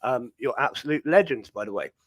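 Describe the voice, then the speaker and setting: A man's voice: medium pitch, animated, brisk, dry recording. A young British man hosting a hobby livestream, rambling and chatty with lots of fillers. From Britain. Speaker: livestream host. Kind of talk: casual chat.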